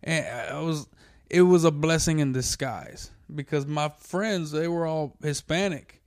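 A man's voice: on the high side, a little mellow, clear, resonant tone, dry recording, clean studio sound. A man in casual chat, joking and swearing as he recalls his school days. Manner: joking, profane, quick quips.

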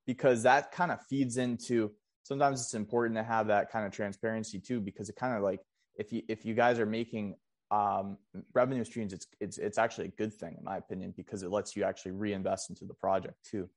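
A man's voice: lowish voice, fairly even intonation, fairly quick. A man hosting a casual podcast interview, rambling and restarting his questions as he goes. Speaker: podcast host.

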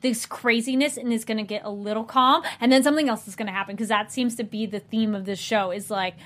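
A woman's voice: on the high side, fairly even intonation, quick pace, a bit bright. A woman hosting a casual after-show chat and reading a sponsor segment, with lots of fillers. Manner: chatty, with many fillers and hesitations. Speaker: host.

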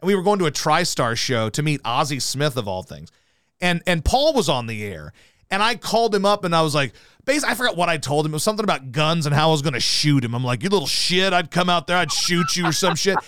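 A man's voice: a little high, fast talker, no echo, studio quality. A male radio host telling profane stories in casual podcast chat. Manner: profane, animated storyteller.

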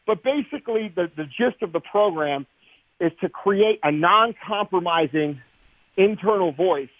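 A man's voice: sits high, dry recording. A man speaking as a podcast guest, blunt and emphatic, swearing freely as he lays out his ideas in a motivational way. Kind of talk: motivational interview talk. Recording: tinny phone-like dry sound.

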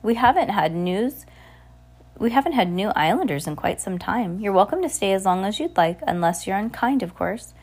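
A woman reading aloud and voicing a genial older male island leader who speaks cordially with gentle authority. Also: mid-range voice, animated, moderate pace. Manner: cordial, smooth, gently commanding.

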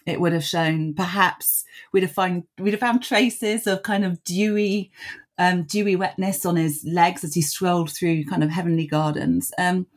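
Low-voiced woman scholar explaining. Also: fairly even intonation, normal speed. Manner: thoughtful, many ums, laughs at herself. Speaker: author and scholar, guest. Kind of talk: interview answer, explaining at length.

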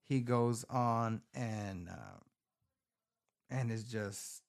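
A man's voice: fairly low pitch, drawn-out words, vocal fry. A man casually recapping a film on his phone camera, cursing constantly and rambling animatedly. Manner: profane, rambling, animated storytelling. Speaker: movie recapper.

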